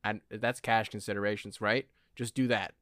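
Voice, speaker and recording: A man co-hosting a podcast in casual sports chat, animated, with quick asides. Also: on the low side, dry recording, studio quality. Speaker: podcast co-host.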